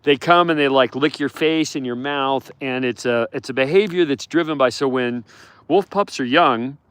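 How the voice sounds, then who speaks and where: Speaking at a moderate pace, this man has a medium-pitched, slightly bright, clean voice with no room sound. He cares for sanctuary wolves and, during a casual live walk-and-talk in their outdoor enclosure, coos at them affectionately and answers questions from viewers.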